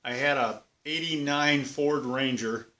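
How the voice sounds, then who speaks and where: Bright-voiced guy telling a folksy story on his vlog, chatty and plain. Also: medium pitch, measured pace. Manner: casual, chatty, plain-spoken. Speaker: vlog host.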